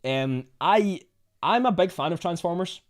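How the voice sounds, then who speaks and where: A man's voice: high voice, lively intonation, measured pace. A Scottish man hosting a casual livestream, chatting to viewers in a rambling way and often restarting his sentences. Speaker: livestream host reading chat. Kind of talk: casual live chat.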